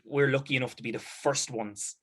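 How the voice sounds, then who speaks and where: An Irish man, a basketball captain and coach, in casual chat, animated and quick to laugh. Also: medium pitch, husky. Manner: animated, laughs often, acts out sounds.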